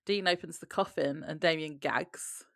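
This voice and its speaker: A podcast co-host with a gravelly, lowish voice recaps an episode in easygoing chat, laughing often and slipping quoted lines into her retelling. She speaks at normal speed, and the recording is close, dry, and a bit bright.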